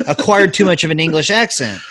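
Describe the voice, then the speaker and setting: A man co-hosting a casual podcast, joking and animated as he tells film stories. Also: on the high side, fast, a crowd in the background. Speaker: podcast co-host. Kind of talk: casual movie chat.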